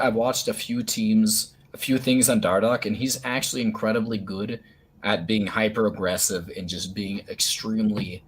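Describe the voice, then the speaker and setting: A young man co-hosting a podcast, giving opinionated, halting takes on esports teams. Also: on the low side, background noise. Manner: opinionated, hesitant restarts. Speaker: podcast co-host. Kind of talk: casual esports chat.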